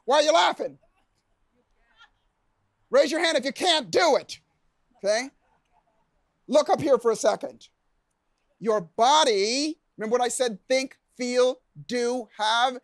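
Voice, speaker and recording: Animated high-voiced male seminar speaker. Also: unhurried, long pauses, no room sound. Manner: animated storyteller, acts out shouts and gasps, coaxes audience. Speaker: keynote speaker. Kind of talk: motivational seminar talk. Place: event lounge before a live audience.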